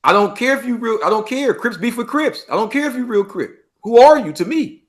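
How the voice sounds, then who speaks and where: A man from Los Angeles with a Los Angeles accent, a podcast guest in casual interview talk, animated and acting out street dialogue. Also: very high voice, fairly quick. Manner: animated, acts out street dialogue, swears freely.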